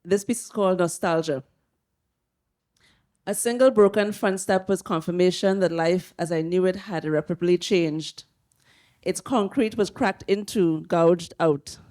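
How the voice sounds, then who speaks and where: A woman author reading a passage from her memoir aloud in a measured, even way. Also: fairly low pitch, dry recording. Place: library event hall.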